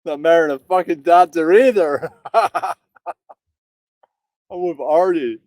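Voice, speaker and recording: A male host with a higher-than-usual voice and a very slow, drawn-out delivery mocks his guest with loads of swearing. The sound is close and dry. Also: lively intonation, a little mellow, dry recording. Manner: mocking, profane ribbing. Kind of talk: casual comedic banter.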